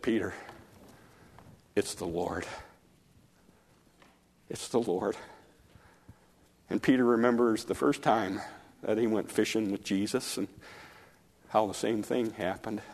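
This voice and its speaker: A man preaching a sermon, retelling scripture as a story with acted-out dialogue, slowing down and dropping softer for emphasis. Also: mid-range voice.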